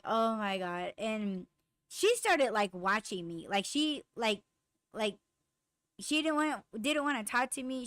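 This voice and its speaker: Young adult woman podcast host, casual and profane storyteller, slightly high voice, dry close sound. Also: no echo. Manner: profane, animated, lots of fillers and quoted dialogue.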